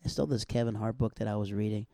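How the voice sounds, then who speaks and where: In a clean studio recording with no room sound, a podcast co-host talks casually in a lowish, mellow voice with fairly even intonation and rapid-fire delivery. He tells a story animatedly, acting out other people's lines and laughing frequently.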